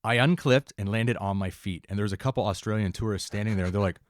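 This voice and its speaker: Talking quickly in a fairly low voice, this forties-something Canadian man, who works as a fire captain and paramedic, shares lively stories in a relaxed interview, jumping into other people's voices as he goes. The audio is dry and studio-clean.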